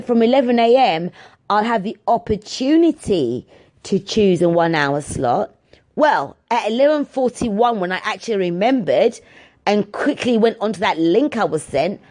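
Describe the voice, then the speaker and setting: A woman's voice: fairly high pitch, a little mellow. A woman vlogging, telling everyday stories in a chatty, exasperated way and swearing freely. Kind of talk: casual ranting storytime.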